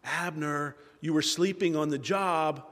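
A man's voice: on the high side, a little slow, fairly bright tone. A man voicing a bold young man who challenges a king directly, pleading his case. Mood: confronting. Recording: long hall reverb.

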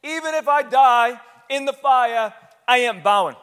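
A man's voice: extremely high pitch, unhurried, clear, resonant tone, voice pushed up. A man voicing a defiant young man who vows he will not bow, his voice climbing to a fervent cry. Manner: rising to a fervent shout. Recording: echoey hall.

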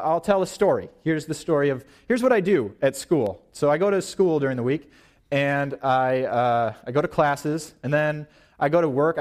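A young man in his twenties giving an informal, animated sermon at church, pacing and gesturing as he talks. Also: on the high side. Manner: paces and gestures while preaching, animated and informal. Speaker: young preacher.

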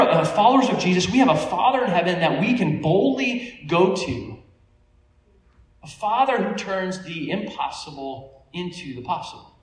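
A man preaching a sermon, telling stories in a conversational, animated way with small laughs. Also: sits high, a little hiss or hum. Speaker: pastor. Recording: echoey room, voice from a distance.

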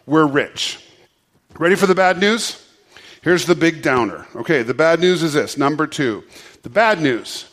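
A man's voice: on the high side, animated, moderate pace, fairly bright tone. A pastor preaching a conversational sermon, leading his congregation to repeat phrases and often restarting words.

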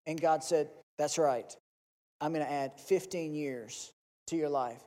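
A male pastor preaching a Sunday sermon, his voice a little higher than most men's. He swings between quiet reflection and impassioned, pleading prayers he acts out. A long reverb trails behind him in the church. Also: fairly even intonation, normal speed.

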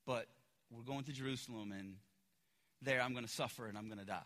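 A man voicing a calm male teacher who speaks in a hushed, grave way. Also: mid-range voice, brisk, in a large hall, pitched below the performer's own voice, close to an everyday voice. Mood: solemn. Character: calm male teacher foretelling his fate.

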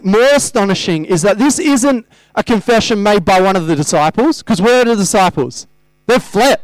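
A man's voice: sits high, clear, resonant tone, no echo, poor audio. A man preaching a sermon, conversational, asking his listeners rhetorical questions.

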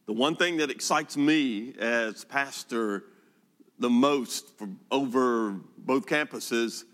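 A man's voice: mid-range voice, bright, forceful tone. An older man, a pastor, delivering a sermon and telling folksy, humorous stories from his own life. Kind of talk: sermon storytelling.

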